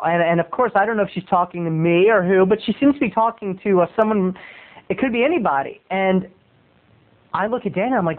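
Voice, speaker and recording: A man's voice: high-pitched, a little fast. A man video blogger telling a rambling comic story in a chatty, playful, digressive way. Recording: tinny phone-like recording.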